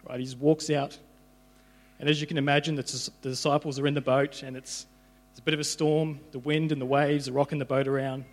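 A young man giving an informal sermon, conversational, often repeating his words as he goes. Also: medium pitch. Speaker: preacher. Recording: hall reverb with mains hum.

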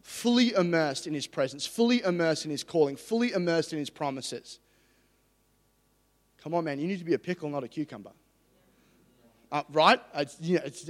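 A man preaching a sermon with energetic, jokey, excitable delivery. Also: sits high, long reverb tail.

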